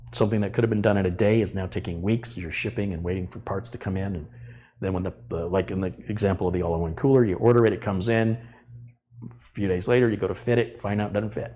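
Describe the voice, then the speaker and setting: A man's voice: on the low side, darkish tone. A middle-aged man hosting a live tech stream, ranting bluntly and acting out his customers' side of phone calls. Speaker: tech channel host.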